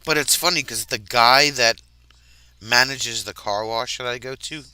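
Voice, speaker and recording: Laid-back American host, bright forceful voice, rambles in casual chat. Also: male voice, medium pitch, measured pace, clean tone. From United States, mid-Atlantic region. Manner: easygoing, rambling, laughs often.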